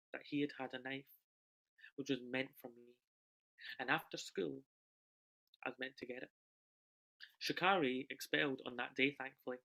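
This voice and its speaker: A young British man performing an emotional autobiographical stage monologue over a video call, swinging between loud bursts and hushed lines. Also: a little high. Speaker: solo performer.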